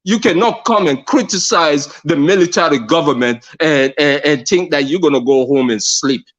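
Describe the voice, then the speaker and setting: Sierra leonean man, caller in a live discussion, emphatic, earnest, fairly high-pitched, repeats himself, fillers. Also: normal speed, fairly bright tone. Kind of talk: impassioned call-in discussion.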